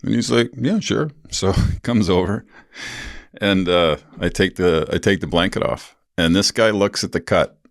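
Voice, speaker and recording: A man's voice: low-pitched, normal speed, dry recording, clean studio sound. A man hosting a podcast tells a story casually, rambling with lots of fillers and swearing, and acts out other people's lines in a raised voice. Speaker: podcast host.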